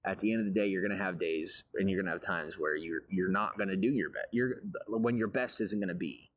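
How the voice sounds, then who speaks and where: A man's voice: sits low, brisk. A man giving a grandiose, meandering monologue about his life and advice. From raised on a farm. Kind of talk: rambling monologue.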